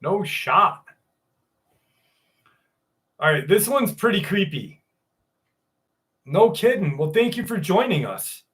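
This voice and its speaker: Man, stream host, casual chat and story reading, swears freely, slightly high voice. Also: very animated, slow, pauses often, fairly bright tone. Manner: chatty, swears freely, greets viewers by name.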